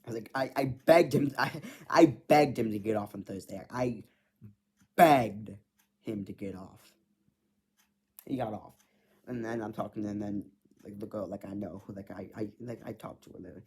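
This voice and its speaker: A man's voice: lowish voice, fairly quick, darkish tone, slightly rough. A man rambling through a personal story in casual chat, full of filler words and frequent swearing. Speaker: vlogger.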